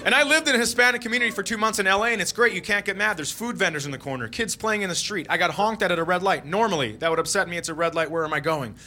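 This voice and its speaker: Man doing stand-up comedy, high lively voice, animated, jokey, noisy recording. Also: racing, hardly any pauses. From Minnesota, USA. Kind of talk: stand-up comedy routine played back.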